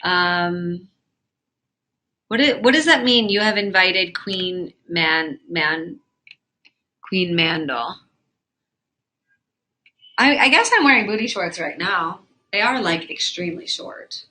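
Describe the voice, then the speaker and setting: A woman's voice: on the low side, takes it slowly, pauses often, sharp tone. A woman hosting a live webcam chat room, reading out viewer comments in a chatty, flirty, easily flustered way. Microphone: phone or webcam mic.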